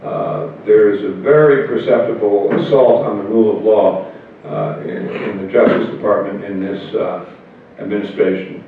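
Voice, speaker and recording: Older male speaker at a convention Q&A, halting and measured, heard from far off in a big hall. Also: on the low side, animated, creaky, a little hiss or hum. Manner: halting, restarts words, measured. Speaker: convention speaker answering questions. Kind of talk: Q&A answers. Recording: echoey hall from far off over phone-like line.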